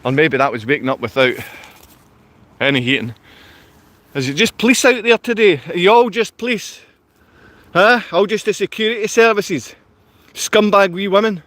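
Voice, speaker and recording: A man with a piercing, very high voice rants at his viewers in a livestream. He hurls insults and yells as he talks, tense and forceful throughout. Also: lively intonation, normal speed, pauses often. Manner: ranting, insulting, yelling at viewers. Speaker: vlogger. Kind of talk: angry livestream rant. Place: outdoors in his town.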